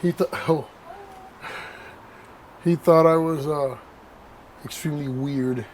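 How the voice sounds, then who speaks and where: Man telling stories with a slightly high voice. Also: slow pace, a little hiss or hum. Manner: animated storytelling, keeps adding "right?". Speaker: interview guest, copwatcher. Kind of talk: candid interview.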